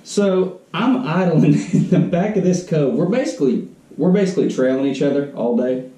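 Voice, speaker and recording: A man tells a fishing story in a laid-back way, chuckling and agreeing along. His voice sits in a middle pitch and is dark and mellow. He is recorded off-mic in an echoey room. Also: lively intonation, moderate pace, distant mic. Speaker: podcast co-host. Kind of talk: casual chat.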